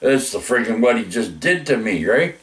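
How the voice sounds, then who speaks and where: A man's voice: fairly low pitch, big pitch swings, moderate pace, recorded from a distance. A man telling rambling personal stories, full of restarts, mild swearing and "eh?" tags.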